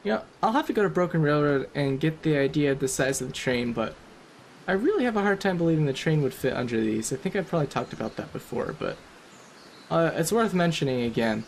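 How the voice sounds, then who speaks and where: A man's voice: fairly high pitch, lively intonation, fast talker, creaky, slight background noise. A man giving casual, rambling commentary over a survival game, chatty and self-deprecating.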